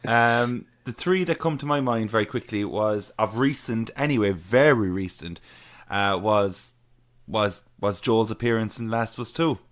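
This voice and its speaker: A man's voice: on the low side, measured pace. A man co-hosting a podcast in casual chat, enthusiastic and gushing. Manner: enthusiastic, gushing about favourite lines. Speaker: podcast co-host.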